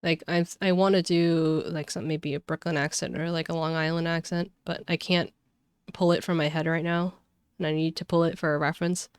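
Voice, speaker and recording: Casual woman streamer, lowish voice. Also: little pitch movement, fairly quick, clear, resonant tone, dry recording, clean studio sound. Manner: rambling, self-deprecating asides. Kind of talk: casual game commentary.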